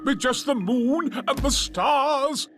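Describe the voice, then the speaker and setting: A man's voice: extremely high pitch, lively intonation, slow pace, exaggerated voice. An actor playing a boastful, chatty elderly grandfather rabbit in a cartoon, telling stories theatrically. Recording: music underneath.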